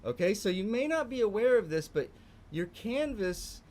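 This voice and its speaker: A man's voice: high-pitched, big pitch swings, normal speed, darkish tone. A middle-aged man with a Texan accent, teaching a live online morning art class, emphatic and repeating phrases for stress. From Texas.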